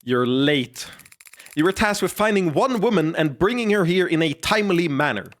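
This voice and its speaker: A man puts on a cold, arrogant young mafia boss from a story game, pitched a touch above his usual talk and pushed louder. He snaps out threats in short, imperious lines. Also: lively intonation, normal speed. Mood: menacing.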